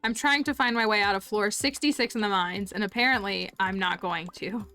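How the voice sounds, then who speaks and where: Bright chatty woman streaming a game. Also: mid-range voice, fairly quick, clean tone, soft background music. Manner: chatty, giggly, thanks viewers. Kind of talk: casual live-stream chat while gaming.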